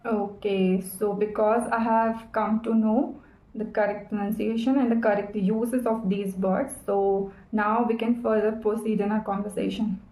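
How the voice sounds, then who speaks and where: A woman's voice: mid-range voice, level tone, measured pace, warm tone, reverberant, low-quality recording. A woman practicing English in a casual chat, talking carefully and hesitantly. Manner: careful, hesitant, many fillers.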